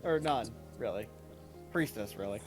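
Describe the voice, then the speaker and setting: A man's voice: lowish voice, expressive, moderate pace, darkish tone, faint music behind. A man narrating and ruling as game master of a live-streamed tabletop game, with a loose manner full of restarts.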